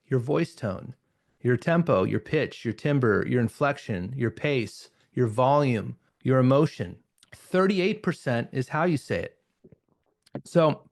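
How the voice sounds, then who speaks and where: A man teaching confidence techniques as an NLP trainer at a live seminar, speaking conversationally and acting out short examples in changing tones. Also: medium pitch. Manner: energetic, conversational, acts out examples in varied tones.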